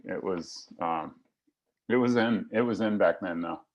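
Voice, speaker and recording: Gravelly, wry middle-aged man telling his story. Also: deep voice, a little slow. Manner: wry, self-deprecating, joking storyteller. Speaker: recovery meeting speaker. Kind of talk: personal recovery story told to a meeting. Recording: slightly lo-fi recording.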